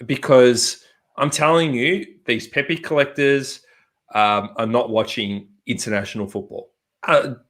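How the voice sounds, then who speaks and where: A man's voice: mid-range voice, fairly bright tone. Emphatic man on a podcast. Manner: emphatic, repeats himself for stress. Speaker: podcast co-host. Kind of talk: casual podcast chat.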